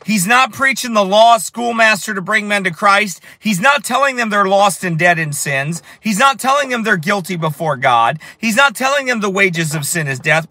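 A fiery man preaching in a high, bright voice that cuts through. He tells his story with strong emphasis and builds to shouts. His tone stays sharp and forceful. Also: dry recording. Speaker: street preacher. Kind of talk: preaching while telling a story.

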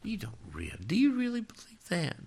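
A preacher putting on a sly whispering tempter. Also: male voice, sits high, huge pitch swings, brisk, darkish tone, pitched above the performer's own voice, heavily acted. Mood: taunting. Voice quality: whispery, taunting questions. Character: sly whispering tempter spirit, doubting and mocking.

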